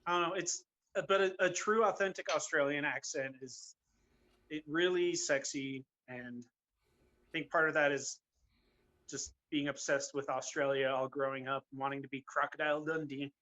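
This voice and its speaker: A man's voice: fairly high pitch, fairly even intonation, normal speed, pushed and bright. A man from Utah, a podcast guest chatting in an easygoing way. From Utah, United States. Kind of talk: casual interview chat.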